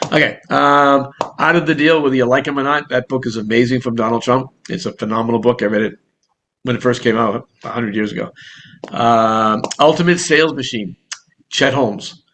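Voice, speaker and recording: Boston-accented man, a real estate coach, fast and energetic, rambling and restarting as he talks. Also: mid-range voice, a little hiss or hum. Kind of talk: casual online group talk.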